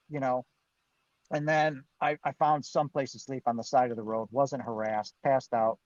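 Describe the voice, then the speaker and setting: A man's voice: mid-range voice, steady tone, a little slow, a little mellow, no echo. A man, a guest on a live Q&A, telling his own story with animation, acting out what he and others said and laughing now and then. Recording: dull, dry lo-fi stream audio.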